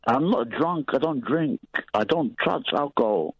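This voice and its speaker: A man's voice: medium pitch, lively intonation, a little slow, husky, no echo. A male caller on a radio phone-in, insistent and aggrieved, pressing to be heard. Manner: insistent, aggrieved, keeps asking to talk. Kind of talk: phone-in call. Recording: muffled phone line.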